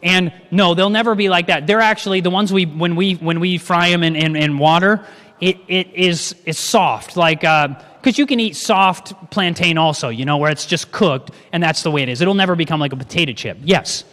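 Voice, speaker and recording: High-voiced man teaching a cooking class. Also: normal speed. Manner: lively, asks the audience questions. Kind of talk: live cooking class talk to an audience. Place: church hall with a live audience. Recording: long church-hall reverb.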